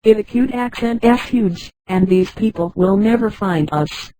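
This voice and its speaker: A synthetic female voice reading the part of a practical female ship nurse planning an escape in a space storybook, in a flat machine delivery. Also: medium pitch, a little slow, slight background noise, lightly acted, low-quality recording. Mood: scheming.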